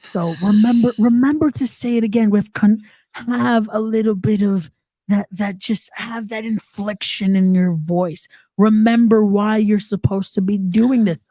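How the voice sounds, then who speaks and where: A man's voice: high voice, fairly even intonation, unhurried, dark tone, dry recording. A man hosting a wrestling podcast in casual chat, often repeating himself and trash talking rivals playfully. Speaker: podcast host.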